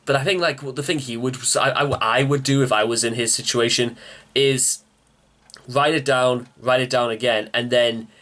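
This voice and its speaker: A man hosting a music reaction video, talking in halting bursts with many restarts while he searches for words and addresses viewers as ladies and gentlemen. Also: medium pitch, fairly even intonation.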